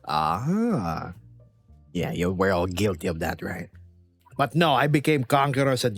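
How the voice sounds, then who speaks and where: Slow, lively-voiced man streaming. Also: sits low, breathy edge, faint music behind. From United States. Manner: rambling, playful, reads chat aloud. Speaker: VRChat streamer. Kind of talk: casual livestream chat.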